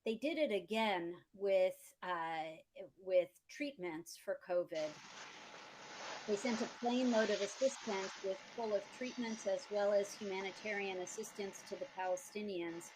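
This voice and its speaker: A woman's voice: mid-range voice, measured pace, background noise. Earnest American woman telling a story. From United States. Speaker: interview guest, former diplomat. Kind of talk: conversational interview answers.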